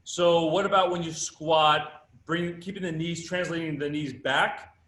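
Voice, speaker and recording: A man's voice: on the high side, steady tone, measured pace, fairly bright tone, roomy sound, slight background noise. A man giving a live workshop lecture at a fitness conference, emphatic and teaching with rhetorical questions.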